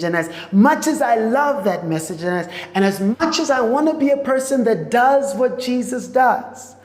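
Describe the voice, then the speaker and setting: A woman pastor preaching a sermon in a church auditorium. She speaks in slow, repeated phrases and often restarts her sentences. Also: fairly high pitch, darkish tone. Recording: echoey hall with long reverb.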